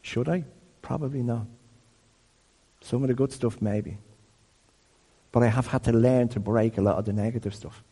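In a room with long hall reverb, a man in his fifties gives a teaching talk in a relaxed sermon style, frequently questioning his listeners. His voice is medium in pitch and mellow with a breathy edge, and he speaks at a moderate pace with frequent pauses.

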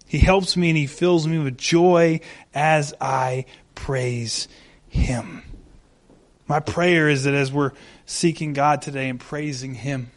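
A male pastor giving a sermon, animated and humorous, acting out the scenes he describes. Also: mid-range voice.

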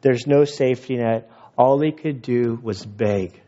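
A man preaching as a pastor, conversational and animated, with quick asides. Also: mid-range voice. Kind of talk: sermon. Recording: dull lo-fi recording.

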